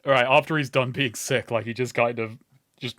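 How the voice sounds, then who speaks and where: A man playing a tabletop game, crude and animated, laughing as he describes his character's actions. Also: medium pitch, fairly quick. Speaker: player.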